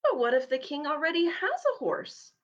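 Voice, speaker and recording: A woman voicing a small, timid young male rabbit in a storybook reading, with a squeaky, indignant manner. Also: very animated, takes it slowly, fairly bright tone, husky, highs cut off, exaggerated voice.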